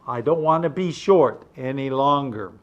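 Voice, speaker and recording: A man's voice: mid-range voice, expressive, normal speed, dull audio. An older man teaching an English lesson, patiently explaining words and checking understanding.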